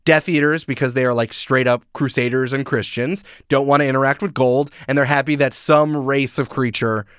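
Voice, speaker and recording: A man talking casually on a podcast, animated and full of "like" fillers. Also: medium pitch, normal speed, clean tone, no echo, clean studio sound. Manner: animated, uses many "like" fillers, acts out quotes. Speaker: podcast guest.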